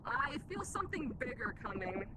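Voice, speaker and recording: A woman's voice: sits high, big pitch swings, normal speed. A woman playing a roleplay game, talking brashly and with profanity. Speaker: roleplay player. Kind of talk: in-character roleplay chat. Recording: loud game noise behind.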